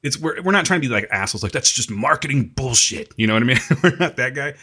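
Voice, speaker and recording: A man's voice: mid-range voice, expressive, racing, pushed and bright. A man co-hosting a podcast in casual banter, laughing often, with a slightly sick throat. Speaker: podcast co-host.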